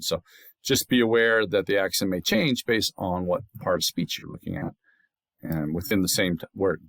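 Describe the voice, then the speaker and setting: A man recording a lecture as an anatomy instructor, in a patient, explanatory manner, saying words slowly to show the pronunciation. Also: fairly low pitch, fairly bright tone, dry recording.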